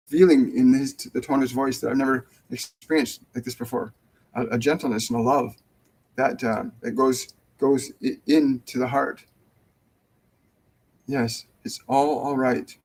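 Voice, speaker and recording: A man hosting a live mediumship show, relaying messages gently and hesitantly, with many fillers and restarts. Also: mid-range voice, husky, poor audio. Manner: soft, dropping almost to a whisper when relaying tender messages. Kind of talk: casual live mediumship reading.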